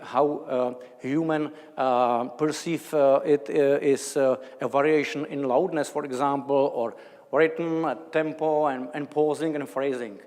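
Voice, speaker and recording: His voice leans high with a darkish tone as the Czech man lectures academically, stumbling through fillers and restarts. The large lecture hall lends a big-room sound.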